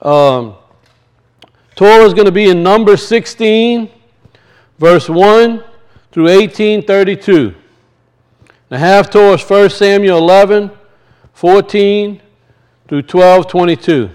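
Male Bible teacher, high clear voice, earnest sermon delivery with repetition. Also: slow pace, pauses often, a little mellow. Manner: earnest, repeats key phrases, calls for congregation response. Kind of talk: Torah portion teaching.

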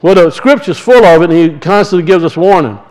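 A man preaching a sermon, talking conversationally and with passion, drawing words out for emphasis and reading scripture slowly. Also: sits high, animated, darkish tone, poor audio. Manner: reads scripture aloud slowly and deliberately.

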